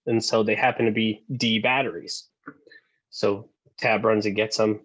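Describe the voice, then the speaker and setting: A man telling stories as a podcast guest, animated and profane, acting out the voices he quotes and laughing as he goes. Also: lowish voice, unhurried, muffled recording. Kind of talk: casual storytelling.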